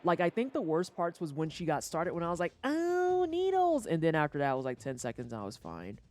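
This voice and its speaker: A livestreamer chatting casually over a video game, joking and swearing, with sudden high-pitched outbursts. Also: lively intonation, quick pace. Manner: chatty storytelling aside while playing. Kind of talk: casual gameplay commentary.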